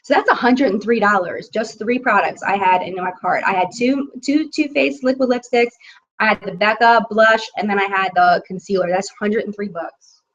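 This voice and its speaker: A woman's voice: mid-range voice, normal speed, fairly bright tone, lo-fi sound. A woman in her thirties hosting a casual beauty live chat, chatty and bubbly, reading viewer comments aloud.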